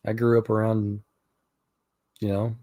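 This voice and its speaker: A man's voice: on the low side, completely flat delivery, unhurried, warm tone. A middle-aged man from Texas telling rambling stories in a casual chat, with many fillers and restarts. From Texas, USA. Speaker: chat room participant.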